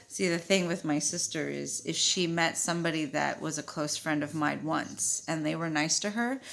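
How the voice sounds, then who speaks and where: Blunt, gravelly-voiced woman venting. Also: lowish voice. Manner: blunt, swears freely, animated retelling with quoted dialogue. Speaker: vlogger. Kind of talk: casual venting monologue.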